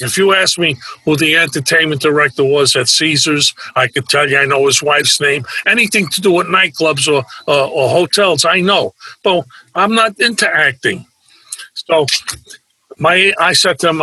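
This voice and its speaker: A man's voice: on the high side, pushed and bright, slightly rough, dry recording, low-quality recording. A man telling stories as an interview guest, a brash wisecracker who acts out the people he quotes. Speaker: guest, actor and nightclub performer. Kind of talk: casual anecdotal storytelling.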